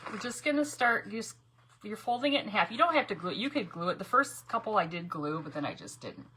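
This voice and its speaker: A woman hosts a casual live crafting stream from home, talking viewers through each step. She chats freely, laughs a lot and greets people by name. Her voice is bright and sharp, over a faint background noise. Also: mid-range voice. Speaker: craft livestream host.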